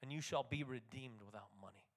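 A man preaching a sermon who reads scripture aloud and explains it in casual talk, going from quiet reading to loud, excited proclaiming. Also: medium pitch, fairly quick.

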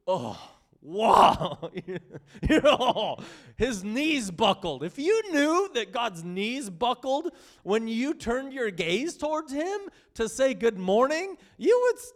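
A man preaching a sermon with passion, swinging between loud excitement and hushed, tender reading. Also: extremely high pitch.

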